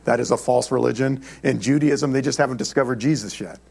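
An American man, a pastor, preaching a sermon in a church in an animated, conversational storytelling way. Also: mid-range voice, fast talker, creaky, husky. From United States.

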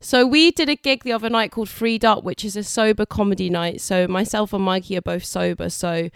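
A woman's voice: medium pitch, steady tone, brisk, creaky, smooth, no echo, studio quality. Chatty English woman hosting a podcast. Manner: chatty, self-deprecating, giggly. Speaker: podcast host, comedian. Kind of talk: casual podcast chat.

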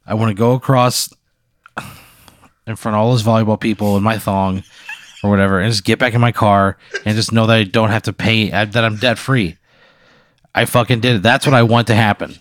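A man co-hosting, reacting to a hypothetical in a profane, excitable way. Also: lowish voice, no room sound. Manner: profane, excitable, quick to protest. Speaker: co-host answering a hypothetical. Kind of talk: improvised comedy banter.

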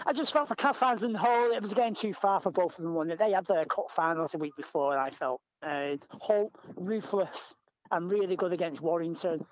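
A man's voice: high-pitched, fairly quick, no echo. A man co-hosting a sports podcast, giving strong opinions in a casual chat. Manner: opinionated, animated about the game. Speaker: podcast co-host. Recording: dull lo-fi remote audio.

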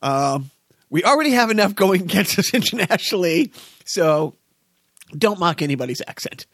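A podcast host, an American man, talks in a rambling, joking way, full of swearing and stammered restarts. His voice is a bit higher than most men's and swoops up and down a lot. The sound is close and dry. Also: big pitch swings, normal speed, fairly bright tone, dry recording. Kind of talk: casual chat.

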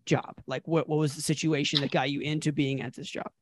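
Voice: medium pitch, little pitch movement, brisk, no room sound, studio quality. A podcast host asking questions and cracking jokes in a casual interview.

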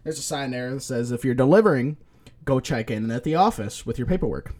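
A man's voice: mid-range voice, expressive, brisk, a little mellow. A man co-hosting a podcast, telling rambling casual stories and swearing freely. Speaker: podcast co-host. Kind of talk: casual chat.

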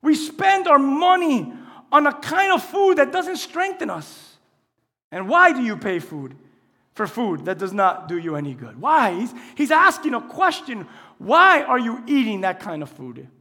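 A male pastor preaching a sermon in a church, asking the congregation questions and swinging between quiet teaching and loud, impassioned passages. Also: very high-pitched, sing-song, unhurried. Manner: asks the congregation call-and-response questions. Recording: long hall reverb.

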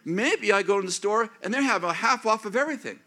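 A man of fifty or older preaching a sermon as pastor, acting out prayers and inner thoughts in an animated way. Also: high-pitched, fast. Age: 50s or older.

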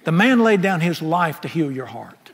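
A middle-aged pastor, preaching a folksy, impassioned sermon that swings from loud to soft. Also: male voice, on the high side, big pitch swings, moderate pace, breathy edge. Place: large church sanctuary. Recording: echoey sanctuary with long reverb.

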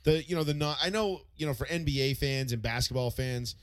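A man's voice: mid-range voice, a little fast, clear, resonant tone, no echo. Dry-sounding sports radio host, man. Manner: rambling, restarts, conversational. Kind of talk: casual sports talk.

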